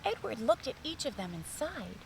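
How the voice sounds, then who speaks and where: Woman narrator, bright high voice, lively sing-song, slow children's story read. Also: creaky, a little hiss or hum.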